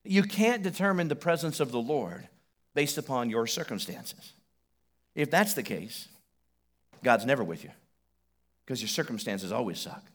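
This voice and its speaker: A middle-aged man preaching a sermon on a church stage, telling stories animatedly and swinging between loud bursts and hushed asides. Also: mid-range voice. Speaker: pastor. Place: church stage before a congregation.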